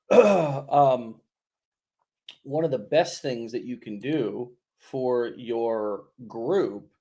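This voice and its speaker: A man hosting a casual interview, explaining his point in a measured way. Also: mid-range voice, dark tone. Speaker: host.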